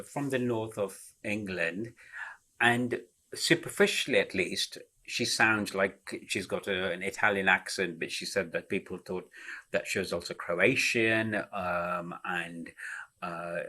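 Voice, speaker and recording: A man's voice: on the low side, a little slow, pushed and bright. A man giving an explanatory lecture, working through ideas step by step with frequent fillers and restarts. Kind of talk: explanatory talk.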